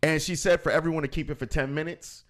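A man's voice: a little high, steady tone, fast. A man, a comedian hosting a casual live stream, joking and telling stories with playful put-on voices. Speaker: comedian and show host.

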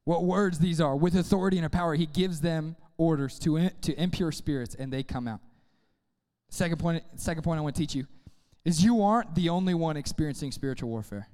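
A man preaching a sermon to young people, energetic and casual, often calling on the crowd to respond. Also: a little high, brisk, clean tone, long reverb tail. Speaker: youth pastor.

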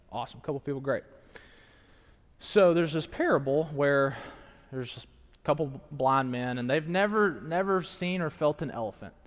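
A man preaching a sermon to a live audience, animated and engaging, swinging from hushed asides to raised, emphatic lines. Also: a little high. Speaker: pastor. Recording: long hall reverb.

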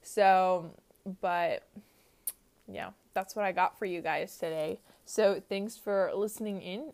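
Young woman podcaster reading funny stories, giggly, says like a lot, mid pitch. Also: fairly even intonation, slow, a little mellow. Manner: giggly, many "like" fillers. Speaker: podcast host.

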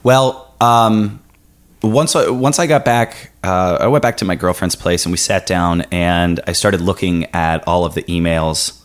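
A man with a low, deep voice talks through a story as a podcast guest. He rambles loosely, full of fillers and restarts, and keeps up a casual, chatty tone. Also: unhurried, clean tone.

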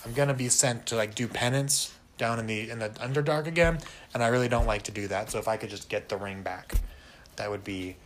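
A chatty henchman of a villain, as a man puts him on, rambling and heavy on filler words. He talks in an ordinary mid-pitched voice, wheedling his way through a tabletop game scene. A faint hiss sits behind him. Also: close to an everyday voice.

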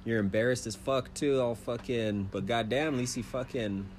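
A man's voice: medium pitch, moderate pace. A man co-hosting a podcast, chiming in with short, profane reactions in casual chat. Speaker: podcast co-host. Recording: faint hum.

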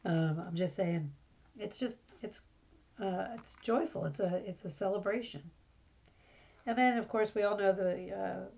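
A woman's voice: mid-range voice, creaky, darkish tone, breathy edge, highs cut off. A woman hosting a casual Bible teaching podcast from home, talking in a rambling, conversational way with many fillers. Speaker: podcast host.

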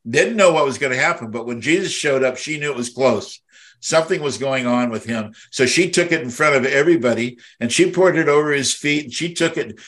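A man's voice: mid-range voice, fairly bright tone. An older man hosting a devotional podcast, speaking with emotion in a rambling, heartfelt way that swells when moved. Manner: impassioned, rambling, voice swells with feeling. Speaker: podcast host and minister.

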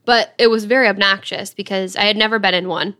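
A woman's voice: mid-range voice, fairly even intonation, bright, forceful tone. A young woman telling a story in a casual, chatty way, with lots of "like". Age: young adult. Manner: chatty, fast, full of "like". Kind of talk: casual chat.

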